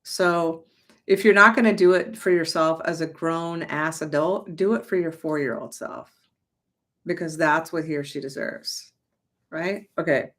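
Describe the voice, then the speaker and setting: Woman, young adult, lowish voice, chatty, emphatic, casual motivational talk. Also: measured pace. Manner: chatty and emphatic, swears casually, exclaims loudly. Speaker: manifestation coach.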